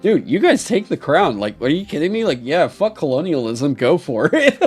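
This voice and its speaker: A young man on a live stream who reads game material aloud haltingly with many ums, then breaks into excited, swearing asides. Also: fairly high pitch, breathy edge, faint music behind. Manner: swears casually. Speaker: streamer critiquing game designs. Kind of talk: casual live-stream critique.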